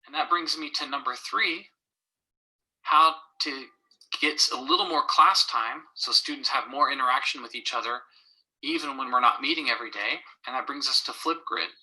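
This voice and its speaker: A man who teaches fifth grade, presenting his teaching tips in a recorded video and working through them clearly, point by point. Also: mid-range voice, moderate pace, sharp tone, low-quality recording. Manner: clear, methodical, lists points in order.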